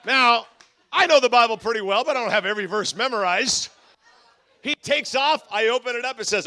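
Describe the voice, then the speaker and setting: Bright-voiced pastor telling funny stories. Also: male voice, extremely high pitch, lively intonation, brisk. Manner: humorous storytelling with quoted voices. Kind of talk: conference sermon. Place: church conference stage.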